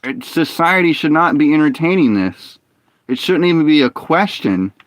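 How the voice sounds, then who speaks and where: A young man streaming a game, talking in a ranting, opinionated way with halting restarts and frustrated outbursts. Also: fairly high pitch, animated. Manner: halting restarts and repeated words. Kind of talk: casual live-stream talk while gaming.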